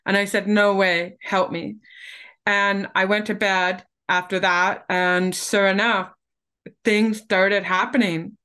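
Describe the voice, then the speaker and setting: A woman in her forties speaks as a guest in an interview. She tells her own story candidly and with animation, and she is quick to laugh. Her voice sits at an ordinary pitch for a woman. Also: level tone, bright, forceful tone, clear, resonant tone. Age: 40s.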